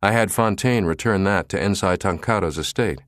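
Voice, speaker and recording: A man reading the part of a wry, gentle male professor in an audiobook. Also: deep voice, normal speed, no echo, clean studio sound, close to an everyday voice. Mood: playful.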